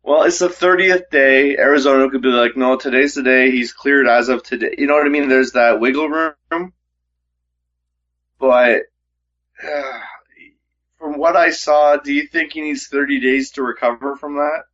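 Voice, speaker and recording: A man's voice: a little high, unhurried, long pauses, a bit bright. A man co-hosting a casual fight-sports podcast, conversational and asking questions. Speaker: podcast co-host. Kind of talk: casual MMA talk. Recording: dull lo-fi mic.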